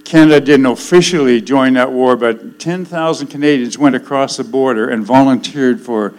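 A man's voice: medium pitch, normal speed, rough recording. Older man preaching a dramatic sermon. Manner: dramatic, swinging from loud to hushed.

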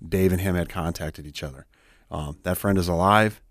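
A man's voice: deep voice, a bit bright, dry recording, studio quality. A man working as a peer support specialist, telling a heartfelt personal story as a guest on a radio talk show. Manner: heartfelt, conversational, quick. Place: radio studio.

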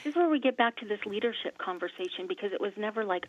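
A woman's voice: medium pitch, rapid-fire. A woman hosting a faith talk show, telling stories and acting out the dialogue in them. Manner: animated, acts out quoted dialogue. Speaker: host. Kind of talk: casual faith conversation, storytelling. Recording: tinny phone-like line, dry.

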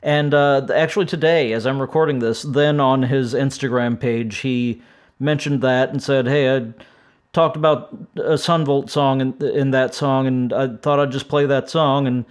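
A man's voice: medium pitch, steady tone, normal speed. A middle-aged man hosting a music podcast, reviewing albums in a casual, enthusiastic and rambling way, tired and breaking off now and then to chuckle. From St. Louis, United States. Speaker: podcast host.

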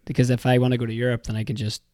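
A man's voice: medium pitch, little pitch movement, very fast, mellow, dry recording, studio quality. A man from Northern Ireland with an Irish accent, a guest chatting casually with many fillers. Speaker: podcast guest. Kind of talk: casual chat.

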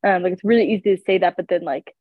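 A woman's voice: on the low side, fast talker, no echo. A young woman co-hosting a casual faith podcast, sounding congested and sick, rambling with lots of fillers. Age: young adult. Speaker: podcast co-host. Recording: tinny phone-like sound, dry.

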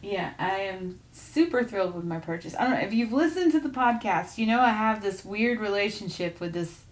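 A woman's voice: mid-range voice, animated, a little fast. A woman co-hosting a podcast, chatting casually and rambling, often trailing off and restarting her sentences. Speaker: podcast co-host. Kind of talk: casual chat.

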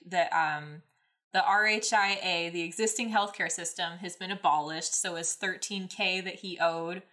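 A woman hosts a podcast and recaps a story in a loose, rambling way, full of fillers. Her voice is bright and forward. She keeps it casual and chatty. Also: lowish voice. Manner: rambling, many ums and likes, laughing. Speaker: podcast host. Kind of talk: casual fanfic recap and reading.

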